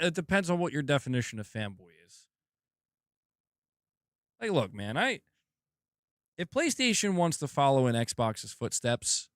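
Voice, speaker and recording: A man's voice: mid-range voice, no echo, clean studio sound. A man hosting a gaming channel in a casual livestream chat, laid-back, swearing and laughing often, with a sore throat.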